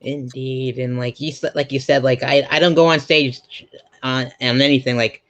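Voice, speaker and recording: A man hosting an interview, a comedian himself, chatting casually in a relaxed, agreeable way. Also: medium pitch, normal speed, no room sound, dull audio. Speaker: podcast host, comedian.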